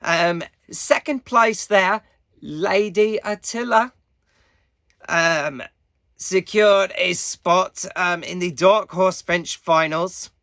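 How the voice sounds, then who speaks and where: Guy rambling thru a casual update, slow and halting with lots of ums, bright voice, dry close sound. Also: high voice, no room sound. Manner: halting, many fillers, unhurried. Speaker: air guitarist giving competition updates.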